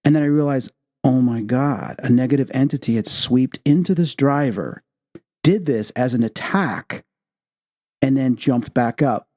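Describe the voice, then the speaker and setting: A man at a middle pitch with a warm, mellow tone hosts an interview show. He tells personal stories with lively energy, acting out what people said. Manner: animated storyteller, acts out quotes. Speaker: radio show host.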